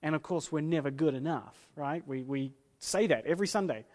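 Man, pastor, sermon, earnest, emphatic, slightly high voice, long hall reverb. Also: darkish tone. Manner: earnest, emphatic, repeats key phrases slowly.

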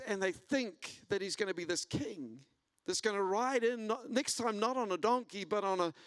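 New pastor preaching in a dry room. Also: male voice, fairly bright tone, no echo. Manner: storytelling, rising in pitch and intensity when preaching. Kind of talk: sermon.

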